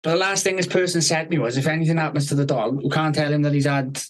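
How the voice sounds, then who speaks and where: A man's voice: on the high side, fast talker, rough recording. Sweary man telling a story. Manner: swears constantly, rambling and animated, laughs mid-story. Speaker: podcast host. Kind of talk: casual storytelling chat.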